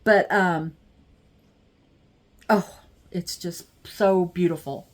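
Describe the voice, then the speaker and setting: A middle-aged woman speaks at an unhurried, drawn-out pace in a casual home vlog. She gushes with excitement and talks straight to her viewers, picked up by a camera mic in a craft room. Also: on the low side. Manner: gushing, excitable, chatty with viewers. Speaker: vlogger.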